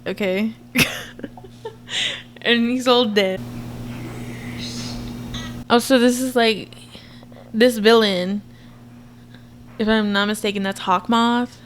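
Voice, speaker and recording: A woman in her twenties giving a chatty, expressive reaction commentary to her viewers. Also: on the high side, slight background noise. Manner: chatty and expressive, frequent laughs and asides to viewers. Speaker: reaction vlogger.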